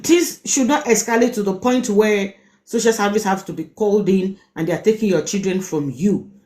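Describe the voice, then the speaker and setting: A middle-aged Nigerian-accented woman talks straight to her live audience as their advice host. She presses her points hard, repeats words and throws out rhetorical questions. Her voice sits at an ordinary pitch for a woman. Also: moderate pace, a little mellow. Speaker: host giving relationship advice. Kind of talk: live-stream advice talk.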